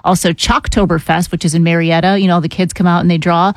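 Brisk conversational radio co-host. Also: medium pitch, little pitch movement, dry recording. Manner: quick, conversational, lists items briskly. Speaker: radio co-host reading event news. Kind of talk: talk radio event rundown.

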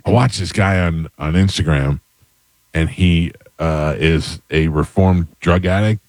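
A man's voice: low voice, measured pace, darkish tone, dry recording. A man hosting a radio talk show, telling stories and acting out the dialogue in casual chat. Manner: storyteller acting out quoted dialogue.

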